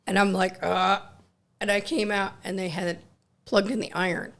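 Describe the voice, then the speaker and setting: A middle-aged woman spins a long, rambling story in easy conversation, slipping into other people's lines as she goes. Her voice sits at a middle pitch with a noticeable gravelly edge. She talks like a nurse sharing shop stories with a colleague. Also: fairly even intonation, moderate pace. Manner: rambling anecdotes with acted quotes. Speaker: podcast co-host, nurse. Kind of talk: casual storytelling chat.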